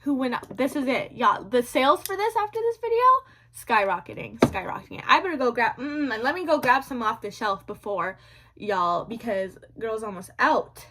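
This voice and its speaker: A young woman telling a story to her viewers in a casual vlog, animated and slangy, repeating lines for drama. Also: fairly high pitch, normal speed.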